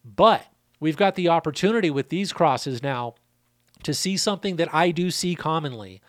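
Laid-back, swearing man, slightly high voice. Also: animated, normal speed, no room sound, studio quality. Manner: laid-back, swears casually, repeats numbers. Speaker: seed breeder and channel host. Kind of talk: casual answering of a viewer question.

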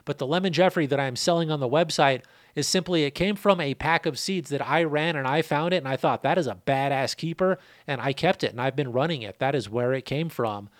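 Brief: casual male host, slightly higher pitch, dry close sound, easygoing and profane. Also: a little fast, no echo. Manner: laid-back, swears casually, repeats numbers. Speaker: seed breeder and channel host. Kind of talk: casual answering of a viewer question.

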